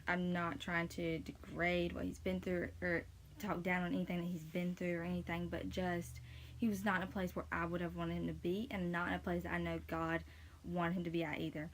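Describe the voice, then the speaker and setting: A woman's voice: lowish voice, little pitch movement, fairly quick, a little hiss or hum. Young woman sharing an emotional testimony. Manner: rambling, many fillers and restarts, emotional and near tears. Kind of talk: casual personal testimony.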